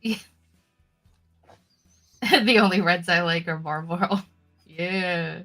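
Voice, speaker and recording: A woman's voice: fairly low pitch, slow, a bit bright, faint music behind. A woman co-hosting a casual talk show who laughs often while reading viewer comments aloud. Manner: giggly, reads chat comments aloud. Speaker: co-host. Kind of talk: casual chat.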